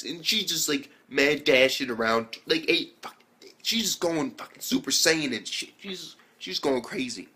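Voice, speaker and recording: A man's voice: fairly high pitch, lively intonation, measured pace, pushed and bright, slightly rough. Rambling, profane man reviewing anime. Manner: rambling, profane, acts out characters' lines. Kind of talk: casual spoken review.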